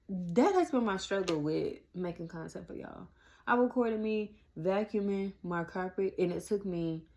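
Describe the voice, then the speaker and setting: A woman around forty, chatting casually to camera and calling her viewers y'all. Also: mid-range voice. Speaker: vlogger.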